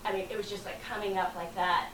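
Animated woman storyteller in a roomy space. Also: medium pitch, fast talker. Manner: dramatic, lively retelling with acted quotes. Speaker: speaker telling a story to an audience. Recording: roomy, from far off, faint noise.

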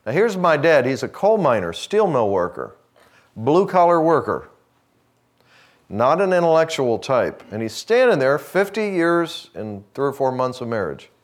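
Man preaching with hushed, swelling emotion. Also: mid-range voice, sing-song, measured pace. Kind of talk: sermon.

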